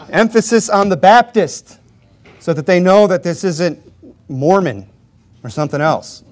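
A man with a fairly high voice delivers a sermon in a loose, conversational way. He jokes and chuckles as he goes and drives his points home with emphatic rhetorical questions to the congregation. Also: a little slow, long pauses. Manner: informal and joking, often chuckling. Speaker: Baptist preacher.

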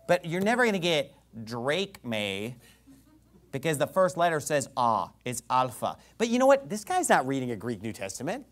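A male pastor preaching a sermon, sarcastic and mocking, swinging from quiet explanation to shouting. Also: fairly high pitch.

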